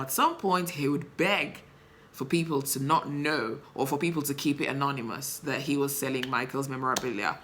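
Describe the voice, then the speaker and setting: A woman's voice: low-pitched, bright, forceful tone. A woman hosting her own show, giving impassioned commentary with emphatic rhetorical questions. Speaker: show host. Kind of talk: opinion commentary to camera.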